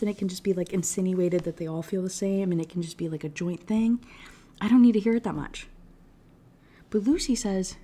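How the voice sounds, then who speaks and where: A woman giving a casual, profane rant review, retelling scenes with sarcastic asides and quick put-on voices. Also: fairly low pitch, steady tone, mellow. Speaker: book reviewer.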